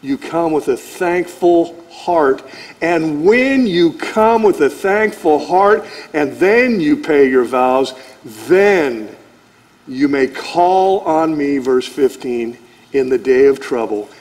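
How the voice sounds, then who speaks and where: A man's voice: a little high, slow. A man teaching verse by verse through a Bible passage as a pastor, talking conversationally and acting out short lines of dialogue. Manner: animated, acts out God's voice and conversational asides.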